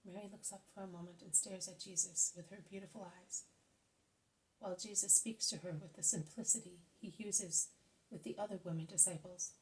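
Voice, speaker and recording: A woman narrating a religious story in a steady, measured reading. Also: on the low side, a little hiss or hum, low-quality recording. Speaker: audiobook reader. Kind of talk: scripted narration.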